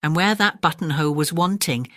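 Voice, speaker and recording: A woman narrating a classic storybook in a gentle, measured bedtime reading. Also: deep voice, no room sound, clean studio sound.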